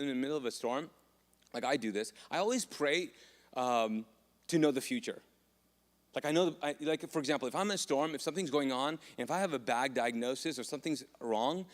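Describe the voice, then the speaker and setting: Animated, joking pastor in a reverberant hall. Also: male voice, fairly high pitch. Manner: casual, joking, animated preaching. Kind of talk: sermon. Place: church auditorium.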